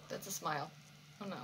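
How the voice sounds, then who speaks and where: A woman hosting an anime reaction, talking back to the screen in an expressive way and swearing freely. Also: medium pitch, slight background noise. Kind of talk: reaction commentary.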